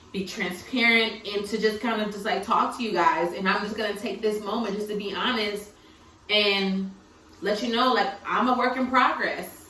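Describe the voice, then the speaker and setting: A woman's voice: mid-range voice, sharp tone. A tearful young woman talking candidly and emphatically in a confessional vlog, laughing through her tears. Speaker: vlogger. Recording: roomy sound from some distance, faint background ambience.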